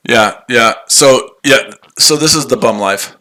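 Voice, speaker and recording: A man's voice: medium pitch, sharp tone. A tired man hosting a live trading stream, answering chat in a sarcastic, combative way and repeating himself. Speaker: trading livestream host.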